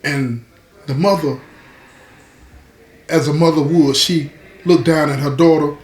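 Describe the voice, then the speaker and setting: A man telling a story in a casual, conversational style. He talks directly to his audience at a slow pace. His voice is slightly high and echoes in a roomy space. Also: fairly even intonation, a little mellow. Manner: conversational, addresses listeners directly. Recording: roomy echo.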